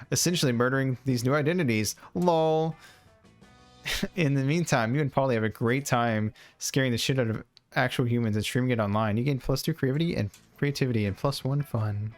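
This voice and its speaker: A young man streaming a game, reading its text aloud in a playful way and slipping into silly voices for the characters, with faint music behind him. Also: mid-range voice.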